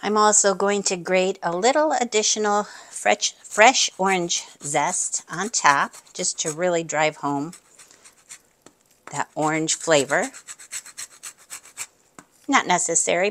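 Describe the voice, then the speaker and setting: A woman's voice: on the low side, takes it slowly, pauses often, fairly bright tone, slight background noise. A woman hosting a cooking video from her kitchen, chatting straight to viewers and murmuring with pleasure as she tastes. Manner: savoring, with appreciative murmurs. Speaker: cooking channel host. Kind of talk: casual cooking demonstration.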